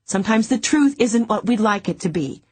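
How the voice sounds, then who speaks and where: A woman's voice: medium pitch, animated, moderate pace, darkish tone, slightly rough, pitched above the performer's own voice. A woman voicing an outspoken, exasperated woman investigator in a first-person audiobook. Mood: calm.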